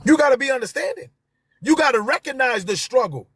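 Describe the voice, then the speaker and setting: A man's voice: very high voice, expressive, fairly quick, a bit bright, breathy edge, no echo. A man, hosting a live stream and talking to viewers with passion, repeating his key phrases for emphasis.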